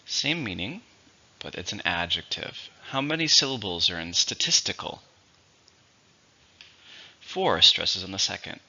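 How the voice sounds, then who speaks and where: Low-voiced guy teaching english words, slow clear dictation, kinda muffled lo-fi audio. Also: sing-song, bright, forceful tone. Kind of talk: vocabulary lesson. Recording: dull lo-fi recording.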